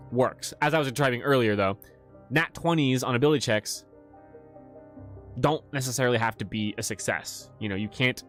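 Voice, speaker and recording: A man hosting a relaxed livestream, chatting casually as a game master about his campaign, with a self-deprecating, joking manner. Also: medium pitch. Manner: relaxed and chatty, laughs at himself. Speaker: game master and channel host.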